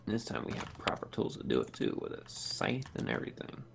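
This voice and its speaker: A man's voice: very deep voice, wildly swooping pitch, fast, gravelly. A man casually chatting with a teammate during a multiplayer game, laid-back and joking. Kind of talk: casual gaming chat.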